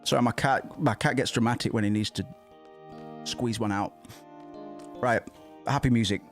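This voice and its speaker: A man's voice: mid-range voice, normal speed, faint music behind. A man giving casual, irreverent and jokey commentary while streaming a video game. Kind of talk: casual let's-play commentary.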